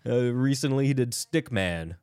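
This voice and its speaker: A man co-hosts a relaxed movie podcast, wandering off topic and breaking into laughter as he talks. His voice sits at an ordinary pitch but swings up and down a lot. It is recorded close and dry. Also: moderate pace, smooth, dry recording. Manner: rambling, laughs through his sentences. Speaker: podcast co-host. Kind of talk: casual movie podcast chat.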